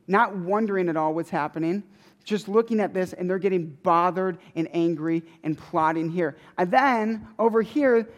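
A preacher giving a sermon in an emphatic, conversational way, with lots of repetition. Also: medium pitch. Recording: long hall reverb.

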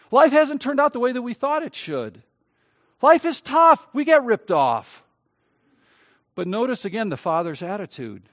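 A man pastor preaching a sermon, swinging between loud, emphatic stretches and quiet, soft ones. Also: sits high.

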